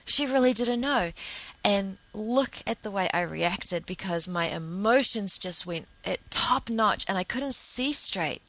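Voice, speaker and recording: A woman's voice: medium pitch, animated, unhurried, fairly bright tone, poor audio. A young woman hosting a podcast, talking in a casual, reflective monologue that rambles earnestly through fillers and restarts. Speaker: podcast host.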